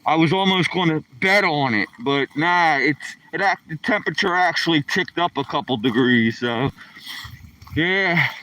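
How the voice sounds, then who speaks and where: A man's voice: fairly high pitch, normal speed, sharp tone, distant mic, rough recording. A man in his sixties with a Philadelphia accent, chatting casually to live viewers by name while walking his dog outdoors by a lake. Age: 60s. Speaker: live streamer. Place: outdoors by a lake on a cool rainy morning.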